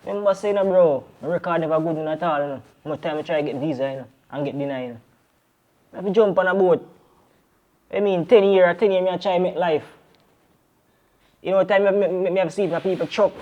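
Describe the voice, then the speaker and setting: On a lo-fi recording, a man with a Jamaican accent acts in a crime drama as a deported man back home with his brother, speaking Jamaican Patois film dialogue. His natural voice sits high and is fairly quick, pausing often, and his talk is rambling and defensive with plenty of "you know."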